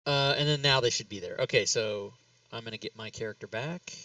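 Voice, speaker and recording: Male host, bright tone, slightly distant mic, rambling self-narration with laughs. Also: mid-range voice, a little fast, dry recording. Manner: rambling, laughs often, talks himself through steps. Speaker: talk show host. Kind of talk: casual chat while working in game software.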